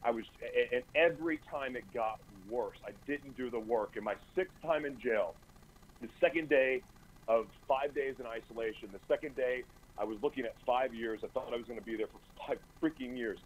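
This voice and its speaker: This is a man of medium pitch speaking at a normal speed, captured in a low-quality recording with slight background noise. He is a guest on a radio talk show, telling an earnest, intense personal story in the studio, and he frequently stammers, trips over phrases and says them again.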